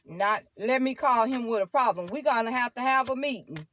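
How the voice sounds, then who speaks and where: Emphatic woman, slightly high voice. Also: fairly quick, few pauses, fairly bright tone, slight background noise. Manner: emphatic, repeats herself, laughs often, preachy asides. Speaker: tarot channel host. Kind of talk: casual monologue to viewers.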